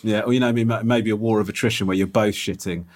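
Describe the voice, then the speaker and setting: A man's voice: fairly low pitch, steady tone, fast, darkish tone. A man co-hosting a podcast in casual chat, rambling and correcting himself, often laughing. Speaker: podcast co-host.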